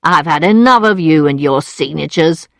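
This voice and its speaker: A woman playing a cold, scornful male moneylender who speaks slowly, in a storybook reading. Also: low-pitched, lively intonation, creaky, no room sound, studio quality.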